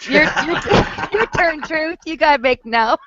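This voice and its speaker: A woman with a high voice teases and giggles in bawdy banter. Her audio comes through dull and lo-fi over a video call. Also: measured pace, very noisy. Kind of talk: casual group video chat.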